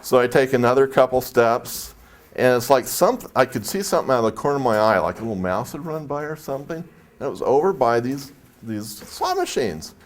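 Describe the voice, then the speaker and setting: A man's voice: mid-range voice, big pitch swings, fairly quick. A man from San Jose, California, telling a chatty, anecdotal story to a live audience as a speaker at a spiritual expo, acting out the dialogue.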